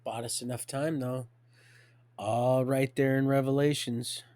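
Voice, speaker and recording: A man hosting a livestream, rambling through a religious monologue, swinging from hushed to loud and laughing often. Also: medium pitch, level tone, measured pace, dry recording. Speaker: livestream host.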